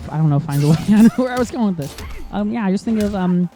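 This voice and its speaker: Rambling mellow-voiced man gaming. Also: high-pitched, animated, fast talker. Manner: rambling, laughs often, many fillers and tangents. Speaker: gaming commentator. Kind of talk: casual let's play commentary. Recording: faint game music behind.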